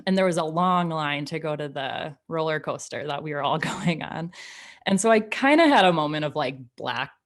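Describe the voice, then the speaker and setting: Woman on a podcast, low voice, chatty, acts out her lines, big laughs. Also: normal speed. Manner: animated storyteller, acts out her own lines. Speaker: podcast co-host. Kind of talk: casual chat.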